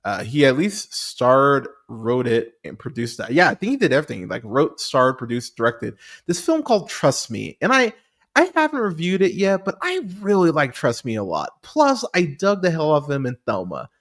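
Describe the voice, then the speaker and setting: A man's voice: a little high, wildly swooping pitch, normal speed, a bit bright. Guy ranting about a movie on his podcast, swears a lot, restarts constantly, voice swings up and down. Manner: rambling, profane, many restarts and fillers. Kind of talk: casual movie review rant.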